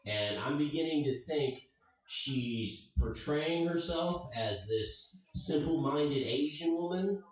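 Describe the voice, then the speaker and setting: A man's voice: on the high side, lively intonation, slow pace. A man with a Southern US accent doing a rambling stand-up set that keeps correcting itself. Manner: rambling, self-correcting delivery. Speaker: stand-up comic and show host. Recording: echoey club from far off.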